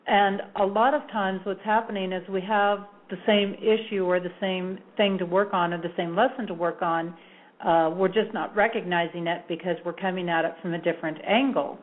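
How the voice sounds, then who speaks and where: A woman's voice: lowish voice, fairly even intonation, normal speed. A woman hosting an interview, talking earnestly and repeating words as she works through her thoughts. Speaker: interview host. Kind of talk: phone interview. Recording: tinny phone line.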